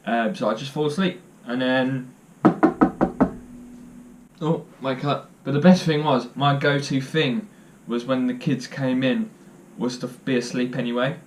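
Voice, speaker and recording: A man's voice: medium pitch, steady tone, measured pace, background noise. A young man telling stories to camera in a casual vlog, joking and self-deprecating as he rambles. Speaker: vlogger.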